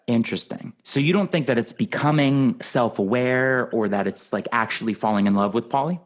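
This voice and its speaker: A man hosting a podcast in casual movie talk, animated and acting out quotes with laughs. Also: mid-range voice, a little fast. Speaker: podcast host.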